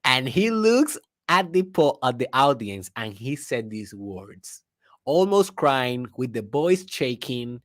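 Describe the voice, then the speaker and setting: Speaking slowly at a medium pitch, this young podcast host from a Spanish-speaking background tells a lively story, laughing and bending grammar like a non-native speaker in a relaxed motivational monologue. Studio quality, no room sound.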